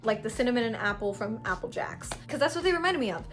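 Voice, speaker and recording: A young adult woman telling a story-time vlog in a slangy, animated way, with big swings in loudness. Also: fairly high pitch, fast talker, faint music behind. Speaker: vlogger.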